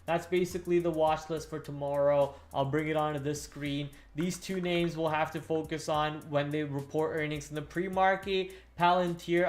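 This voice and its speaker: A man hosting a stock trading livestream, chatting casually to his viewers and slowly dictating notes on trades as he types. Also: on the high side. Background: faint background music.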